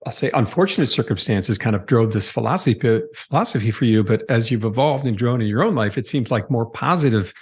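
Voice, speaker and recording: A man hosting a podcast, chatting casually and enthusiastically, telling a quick anecdote before asking questions. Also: mid-range voice, expressive, darkish tone, breathy edge. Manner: enthusiastic, fast anecdotal storytelling. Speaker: podcast host. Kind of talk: casual interview chat.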